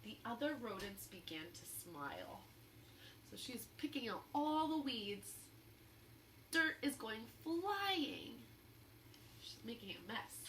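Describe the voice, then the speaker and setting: A woman reading a children's picture book aloud, pausing to explain the story to young listeners. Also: fairly high pitch, sing-song, fairly bright tone. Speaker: storybook reader. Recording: roomy echo, faint hum.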